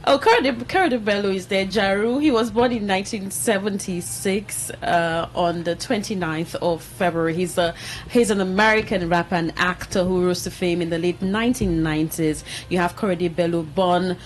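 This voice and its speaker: A woman's voice: lowish voice, moderate pace, a little hiss or hum, low-quality recording. A woman hosting an entertainment segment in a radio studio, chatting and reading items aloud with asides. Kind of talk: casual studio chat.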